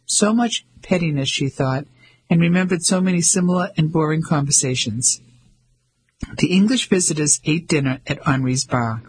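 A man giving measured scripted narration of an audiobook. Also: a little high, breathy edge, low-quality recording. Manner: measured storytelling.

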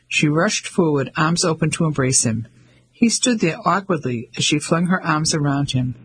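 Man, audiobook narration, husky voice, slightly high pitch, measured. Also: animated, a bit bright, rough recording. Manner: measured storytelling. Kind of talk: scripted narration.

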